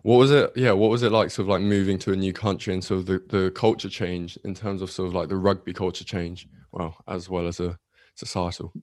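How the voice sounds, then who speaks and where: A man hosting a podcast, with a very deep voice. He asks long, rambling questions full of hedges. The recording is dry and close. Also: level tone, fairly quick, darkish tone, dry recording. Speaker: podcast host. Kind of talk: casual podcast interview.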